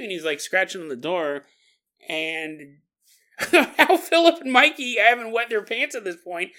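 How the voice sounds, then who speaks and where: Animated, joking male podcast host. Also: high-pitched, normal speed. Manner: joking, laughs often, acts out voices. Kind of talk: casual storytelling.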